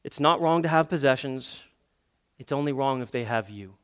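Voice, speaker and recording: A man's voice: medium pitch, normal speed, clean tone. A man preaching a sermon, building to emphatic, impassioned peaks and asking the congregation rhetorical questions. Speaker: pastor.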